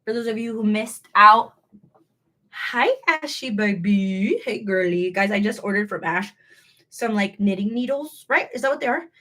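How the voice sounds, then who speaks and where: A woman's voice: medium pitch, expressive, normal speed, bright, forceful tone. A young woman hosting a casual crochet livestream from home, talking to viewers while she works, bubbly and rambling, often joking at her own expense. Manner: bubbly, rambling, self-deprecating.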